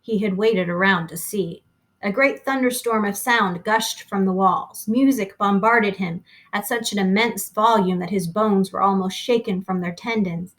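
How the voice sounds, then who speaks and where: A woman reading a novel aloud, expressive and slowing down on key phrases. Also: medium pitch. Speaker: reader.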